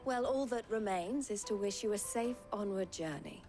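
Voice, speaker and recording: An actress voicing a shrewd, polished caravan merchant. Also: female voice, mid-range voice, moderate pace, warm tone, close to an everyday voice. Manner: polished, gracious, shrewdly teasing. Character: shrewd businesswoman running a caravan company. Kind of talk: video game cutscene dialogue. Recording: game audio with faint music.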